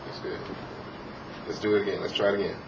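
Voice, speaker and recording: A man quietly coaching his young child through letter sounds, gently insisting that the child pay attention. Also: on the low side, level tone, quick pace. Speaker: parent teaching his child. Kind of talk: home reading lesson. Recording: distant, muffled old tape with hiss.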